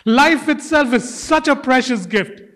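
A man's voice: very high-pitched, a little slow, fairly bright tone, in a large hall. A male preacher giving a sermon, emphatic, repeating key phrases and calling his listeners guys.

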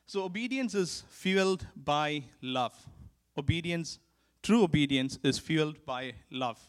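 A man preaching to his church in an earnest sermon, his voice sitting a little higher than most men's. He drives his points home by repeating them. He shifts between forceful calls to act and soft, close asides. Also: lively intonation, unhurried. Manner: earnest, repeats key lines for emphasis; swings from emphatic to hushed. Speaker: pastor.

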